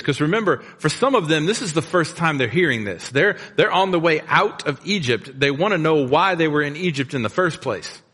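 Preaching a sermon, a middle-aged man recounts the story in a relaxed, conversational way, using plain slang. His voice runs on the high side, fairly bright, with lively intonation at an ordinary pace. The large room adds a long reverb.

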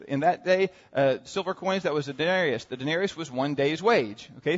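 A man preaching a sermon, retelling a parable with lively rhetorical questions. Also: a little high. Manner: animated storytelling with rhetorical questions. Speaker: pastor. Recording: muffled sound with long hall reverb.

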